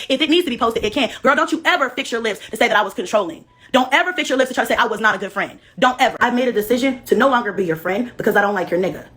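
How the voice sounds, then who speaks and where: A woman's voice: a little high, a bit bright. A woman on a livestream, delivering a confrontational, profane rant at a former friend.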